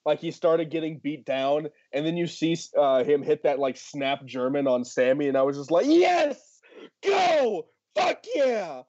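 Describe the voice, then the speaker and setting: Excitable podcast co-host guy, higher voice, swears, dry dull lo-fi mic. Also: moderate pace, hardly any pauses, no echo. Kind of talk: casual wrestling podcast chat.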